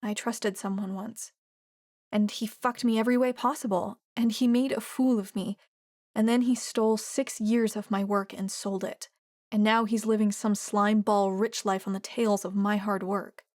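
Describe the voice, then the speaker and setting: A woman's voice: medium pitch, steady tone, moderate pace, darkish tone, dry recording, clean studio sound, lightly acted. A woman voicing a hurt, wary young woman scientist in an audiobook, speaking in an emotional, pleading way. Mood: bitter.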